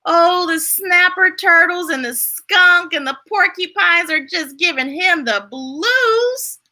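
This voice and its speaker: Woman storytime reader, very slow and lively, high bright voice, playful questions to kids. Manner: playful and expressive, asks listeners questions. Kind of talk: reading picture books aloud to children.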